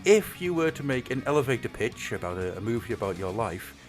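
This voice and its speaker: Male podcast host, animated pitch, chatty and jokey, laughs between lines. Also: a little fast, faint music behind. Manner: jokey, laughs often, rambling with restarts. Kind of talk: casual podcast chat.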